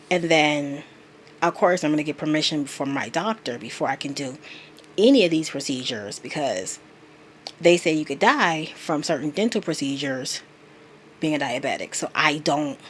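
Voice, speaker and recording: A woman in her thirties pours her worries out to her viewers in an earnest, confiding way. Her voice sits a little low and she speaks slowly, often drawing out her thoughts. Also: a little hiss or hum. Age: 30s. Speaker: vlogger. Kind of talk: confessional vlog.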